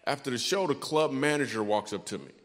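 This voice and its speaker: A man's voice: medium pitch, animated, a little fast. A man from Michigan doing stand-up comedy, telling a story with playful asides to the crowd. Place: large theater stage. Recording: hall reverb on a theater stage.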